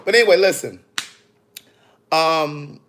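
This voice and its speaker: A man, an author, chatting on a phone livestream in a sassy, animated way, talking straight to his viewers. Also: a little high, takes it slowly, slight background noise. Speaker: author hosting a live video. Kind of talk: casual livestream chat. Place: in the city after a book event.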